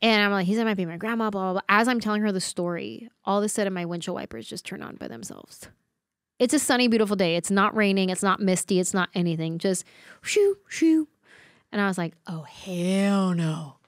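A woman in her thirties, a comedian guest, telling a story with lively acted-out quotes. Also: medium pitch, fast talker, clean tone, no echo, clean studio sound. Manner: acts out quotes with big voice swings. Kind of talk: animated storytelling.

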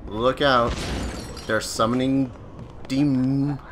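A man's voice: mid-range voice, fairly even intonation, slow, background noise. A man casually commenting while playing a video game, joking and yelping when startled. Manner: joking, exclaiming, easily startled. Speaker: let's player. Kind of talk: gameplay commentary.

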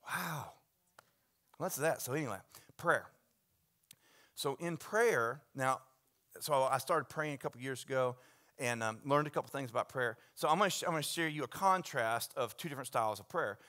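A man preaching as a pastor, telling stories with big swings from hushed asides to loud bursts. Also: mid-range voice, moderate pace. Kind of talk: sermon. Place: church sanctuary.

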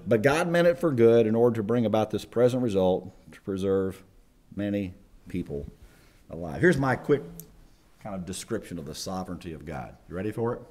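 A man preaching a chapel sermon, lively and acting out quoted voices. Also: fairly low pitch, fairly quick. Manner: animated, acts out quoted voices. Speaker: chapel speaker. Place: college chapel.

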